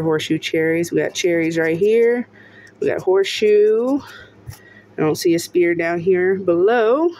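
A woman narrating casually as she scratches lottery tickets, often breaking into excited exclamations and laughter. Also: fairly low pitch, slight background noise.

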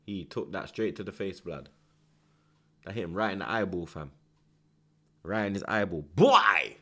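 A man hosting a live football watchalong, reacting loudly to the match with slang and swearing, shouting instructions at the players. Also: deep voice, normal speed. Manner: excitable, shouts at the screen, heavy slang and swearing.

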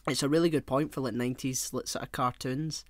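A man's voice: medium pitch, steady tone, brisk, dry recording. A young man co-hosting a podcast in casual chat, rambling, laughing often and swearing offhandedly. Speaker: podcast co-host.

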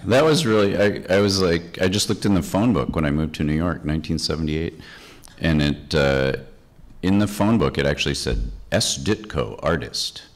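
A man's voice: a bass voice, normal speed, a little hiss or hum. A man in his fifties from Chicago, a comics artist on a convention panel, telling a rambling anecdote full of "like.". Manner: animated, rambling, lots of "like". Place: convention stage before an audience.

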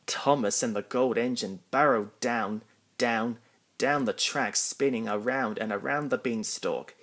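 A man reading a children's storybook aloud in a plain, even narration. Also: mid-range voice, unhurried.

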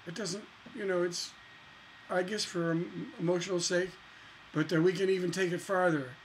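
A man's voice: high voice, steady tone, normal speed, a little hiss or hum, rough recording. A man teaching songwriting in a casual lesson, joking as he goes and breaking into sung lines. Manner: breaks into singing lines over guitar, joking asides. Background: his own guitar playing.

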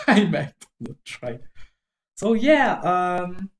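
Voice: medium pitch, big pitch swings. French-accented streamer, casual drawing-stream chat, hesitant English, stops to find words. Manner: halting, searching for English words.

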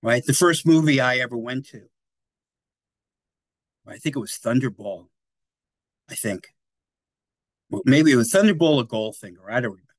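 A man in his sixties gives a relaxed history lecture, talking in a chatty, digressive way. He keeps tagging his points with quick check-ins to the room, and his voice sits at a medium pitch. The sound is dry and close, with little room echo. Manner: chatty and digressive, often tags "right?" and "you know".

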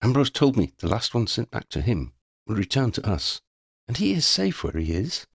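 A man reading the part of a calm, knowledgeable companion in an audiobook, in a gentle, measured way. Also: mid-range voice, gravelly, breathy edge, no echo, clean studio sound, pitched above the performer's own voice, heavily acted.

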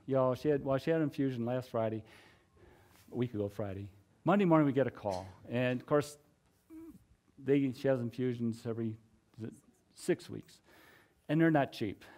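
A middle-aged man preaching a conversational sermon, sharing a personal testimony in an earnest, chatty way with many fillers and soft laughs. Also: mid-range voice.

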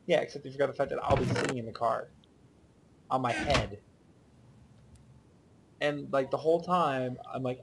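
A man's voice: mid-range voice, moderate pace, long pauses, slight background noise. A young man chatting casually on a vlog, joking and teasing the others. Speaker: vlog co-host. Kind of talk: casual chat.

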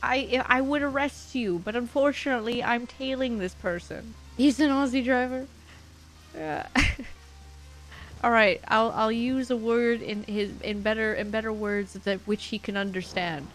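A young woman VTuber streams a video game, chatting casually and crudely while she jokes and giggles through play. Her voice is on the high side and a little slow, with faint music behind her.

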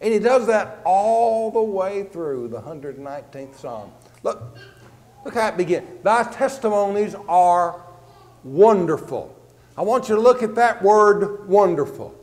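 A man preaching to a congregation in a church sanctuary, and his voice sits fairly high for a man. His teaching is plain and conversational, and he slows down when he reads scripture aloud. The sound carries a long reverb from the hall. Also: expressive. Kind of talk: sermon.

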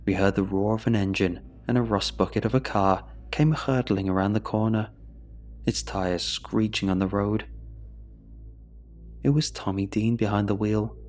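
Man, low pitch, measured horror story narration, faint background music. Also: steady tone, a little mellow.

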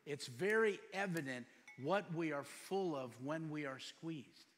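A middle-aged man preaching a sermon as pastor, firing off rhetorical questions and moving between loud emphatic lines and quiet storytelling. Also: on the high side, lively intonation, normal speed. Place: church sanctuary. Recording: long hall reverb.

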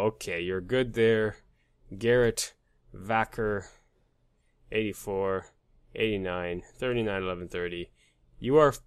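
A man hosting a let's play, joking crudely and muttering names and numbers while he plays. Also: fairly low pitch. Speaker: gaming channel host.

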